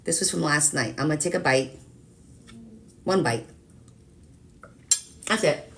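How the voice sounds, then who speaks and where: A woman's voice: deep voice, unhurried. A woman hosting a live watercolor stream, chatting casually and teasing herself as she thinks aloud while painting. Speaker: live-stream craft host.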